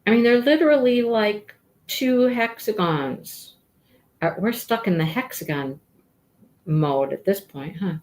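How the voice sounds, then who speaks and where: A woman's voice: unhurried, a little mellow. A woman hosting a crochet livestream, chatting casually and rambling as she works her stitches. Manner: chatty, rambling, talks to her cat in a high baby voice.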